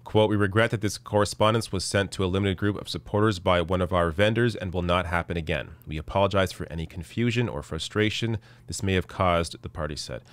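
A man hosting a live news commentary stream, reading news quotes and reacting with indignant sarcasm, his voice going hoarse. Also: low-pitched, brisk, few pauses, no room sound. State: losing his voice. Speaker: political commentary host.

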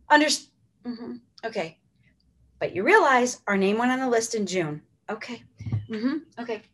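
A middle-aged woman emceeing a charity auction from home, effusive and chatty with quick asides. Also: fairly high pitch, a bit bright. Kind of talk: casual live-stream hosting.

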